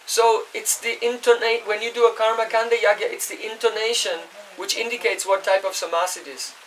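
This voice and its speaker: A man's voice: high-pitched, steady tone, brisk, fairly bright tone. A man giving a scripture class, explaining at length, chanting Sanskrit verses and checking in with his listeners. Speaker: spiritual teacher. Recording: voice distant from the mic.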